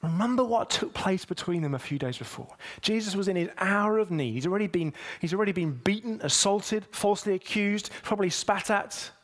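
A man delivers a sermon in a voice pitched a little above the usual. He speaks straight to his congregation and swings between quiet, low reflection and loud, rising emphasis. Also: expressive, fairly quick, few pauses. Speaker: preacher.

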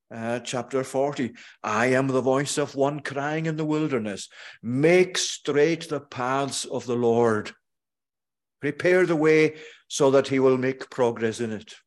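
A male pastor with a mid-range voice preaches a sermon in a measured manner. He pauses often and slows down when quoting scripture emphatically.

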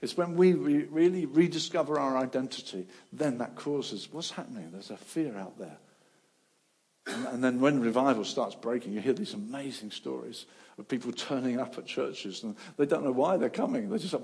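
A man preaching a sermon, telling stories with animation, rising loud then dropping almost to a whisper. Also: medium pitch, moderate pace, creaky. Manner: animated storytelling, voice swelling and dropping to near whisper.

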